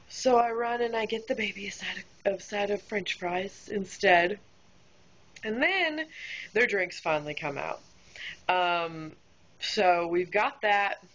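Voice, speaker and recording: A woman's voice: medium pitch, animated, slow, long pauses, fairly bright tone. A woman who works as a restaurant server tells a story about a difficult customer in a candid, exasperated way, with lots of fillers. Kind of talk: casual storytelling vlog. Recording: dull lo-fi home recording.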